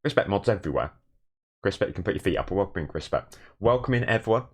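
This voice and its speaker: A young man streaming from his bedroom in a shared flat, chatting casually and self-deprecatingly and thanking viewers. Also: sits low, quick pace, slightly rough. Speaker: Twitch streamer. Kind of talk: casual live stream chat.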